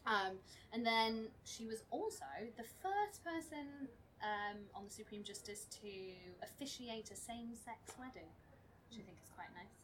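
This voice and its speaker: A young woman talking in a chatty, self-mocking way, giggling as she goes. Her voice sits on the higher side. She sounds slightly distant from the mic over a faint hiss. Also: lively intonation, a little slow, fairly bright tone. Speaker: panel presenter. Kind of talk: comic chat segment.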